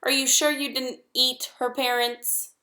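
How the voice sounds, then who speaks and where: A woman voicing a stern, bossy old female goose who scolds briskly in a storybook reading. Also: sits high, little pitch movement, sharp tone, roomy sound. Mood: scolding. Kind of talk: storybook read-aloud.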